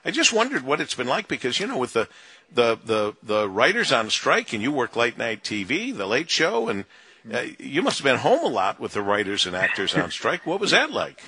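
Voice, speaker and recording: A man's voice: medium pitch, wildly swooping pitch, moderate pace, sharp tone, slightly rough, no room sound. A male radio talk show host, chatty and friendly, opening an interview with a guest. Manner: friendly, chatty, with frequent fillers.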